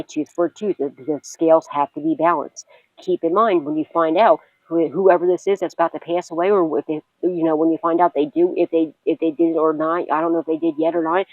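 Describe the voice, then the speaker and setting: A woman's voice: on the low side, darkish tone, dry recording, dull audio. Blunt, swearing woman tarot reader. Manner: blunt and profane, with frequent laughs and repeated reassurances. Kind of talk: tarot reading monologue to viewers.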